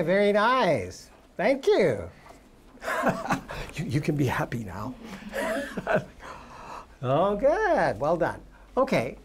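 Brief: low-voiced woman violin teacher, unhurried and encouraging, with violin playing behind her. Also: slight background noise. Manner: encouraging, short coaching phrases; hums and sings phrases to demonstrate. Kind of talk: masterclass coaching.

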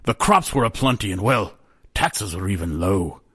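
A man's voice: fairly low pitch, big pitch swings, moderate pace, a bit bright, husky, dry recording, studio quality, heavily acted. A man voicing a weathered old former blacksmith's apprentice, telling a tale in old-fashioned speech. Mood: solemn, wistful. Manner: old-fashioned storytelling speech, calls listener lad.

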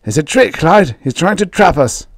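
Brief: man voicing a scared middle-aged farmer, higher and strained, nervous pleading, dry close mic. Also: expressive, moderate pace, no room sound. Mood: panicky. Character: timid middle-aged male farmer, fearful.

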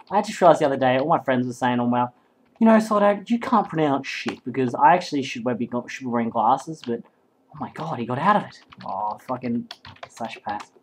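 Excitable, foul-mouthed game caster. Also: male voice, medium pitch, a little hiss or hum, low-quality recording. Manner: excitable, heavy swearing, rambling. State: hyped up and sleep-deprived. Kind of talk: live game commentary.

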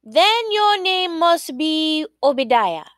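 A woman's voice: high-pitched, very animated, slow, a bit bright, dry recording, clean studio sound, pitched above the performer's own voice, exaggerated voice. A woman voicing a young captive queen who speaks politely and hopefully.

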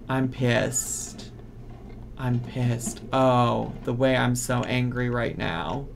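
Gravelly exasperated man ranting over gameplay. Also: medium pitch, takes it slowly, slight background noise. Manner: exasperated, ranting at game characters. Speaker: gaming streamer. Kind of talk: casual gameplay commentary.

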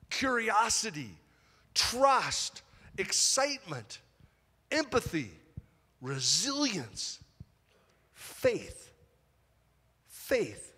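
A man preaches in a church with a bright, forceful voice that carries a slight husk. He swings widely in pitch as he leads the congregation in call-and-response. A long reverb trails his words through the hall. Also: husky. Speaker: pastor. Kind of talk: sermon. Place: church auditorium.

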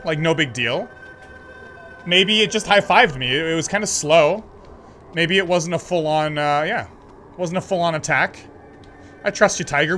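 A man commenting on a horror game as he plays, excitable and joking, talking back to the screen. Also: a little high, slight background noise. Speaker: gaming channel host. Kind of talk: let's play commentary.

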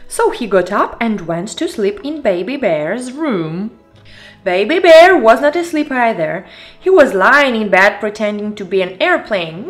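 Russian-accented woman, kids' book read-aloud, slow and lively, soft music behind. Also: medium pitch. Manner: slow, expressive storytelling with sound effects. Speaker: channel host reading a children's book.

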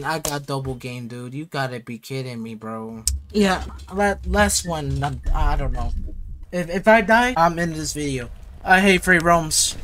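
A man's voice: a little high, a little slow, a bit bright, soft background music. A young man giving rambling, slang-heavy running commentary as he plays a horror game. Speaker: gaming youtuber.

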